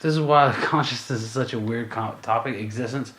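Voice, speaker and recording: A man's voice: mid-range voice, brisk, a bit bright. A man co-hosting a podcast in casual chat, musing and rambling with lots of fillers and swearing. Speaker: podcast co-host.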